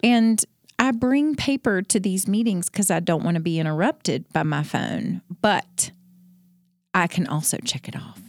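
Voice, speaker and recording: A woman's voice: on the low side, a little slow, no echo. A woman co-hosting a podcast, bubbly and exclamatory, laughing often as she chats. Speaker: podcast co-host. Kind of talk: casual podcast chat.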